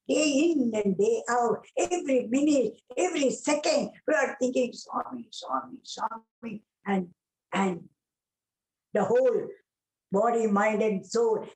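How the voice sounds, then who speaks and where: An older woman with a South Indian English accent tells devotional stories in a slightly high voice. Her telling is emotional and vivid, full of exclamations, and the room around her carries a clear echo. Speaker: devotee sharing experiences. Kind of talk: devotional storytelling talk. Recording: roomy echo.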